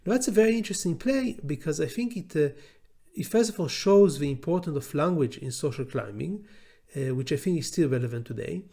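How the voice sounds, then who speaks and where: A middle-aged man with an Israeli accent gives an unscripted lecture as a law professor. His voice sits a little high, and he pauses often, filling gaps with fillers and restarting his sentences. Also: lively intonation, mellow. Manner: hesitant, many fillers and restarts.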